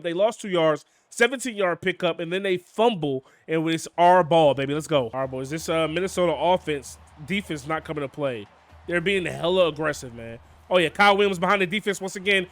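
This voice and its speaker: A young man giving casual, excitable play-by-play commentary on his football video game, often calling out to "boys" and "man". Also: sits high. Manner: excitable, hypes big plays, keeps saying "boys" and "man". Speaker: gaming YouTuber.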